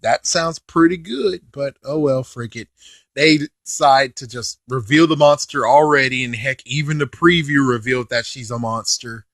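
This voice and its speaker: A man giving a casual, rambling review of a show, excitable, with mild swearing and filler phrases. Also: mid-range voice, normal speed, no echo, clean studio sound. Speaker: video reviewer.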